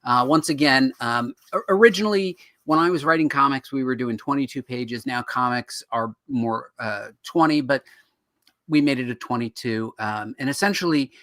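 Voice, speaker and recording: A man's voice: medium pitch, moderate pace, dry recording, studio quality. A man co-hosting a show on writing comics, explaining in casual chat and acting out quoted reactions. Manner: animated, acts out quoted reactions.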